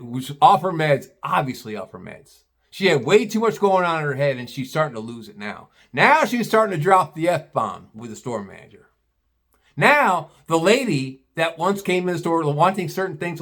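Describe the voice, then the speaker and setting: A man's voice: medium pitch, fairly bright tone. A retired butcher in his sixties telling a rambling, profane story about a customer. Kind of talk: casual storytelling.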